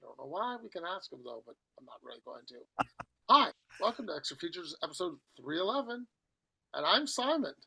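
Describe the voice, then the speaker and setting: A man's voice: high voice, sing-song, fairly quick, vocal fry, pushed and bright, breathy edge, poor audio. A middle-aged man hosting a podcast in casual chat, rambling and chatty as he jumps from one topic to the next. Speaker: podcast host.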